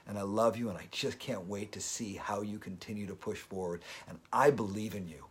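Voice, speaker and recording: A man's voice: fairly low pitch, fairly quick, breathy edge. A man hosting a daily live video, talking earnestly and openly emotional as he gives motivational advice. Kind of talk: motivational live-stream talk.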